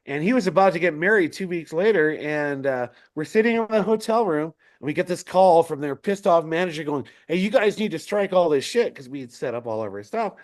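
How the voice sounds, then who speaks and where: Laughing, animated storyteller man. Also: fairly high pitch, fairly quick, hardly any pauses. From Denver area. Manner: animated, laughing often, swears freely. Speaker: musician guest. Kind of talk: casual storytelling chat. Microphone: video call.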